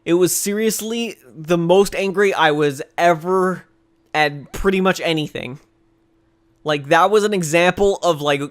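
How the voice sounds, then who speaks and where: A man answering viewer questions in a casual video, ranting in an animated, exasperated way with plenty of swearing. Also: a little high, clear, resonant tone. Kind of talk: casual rant to camera.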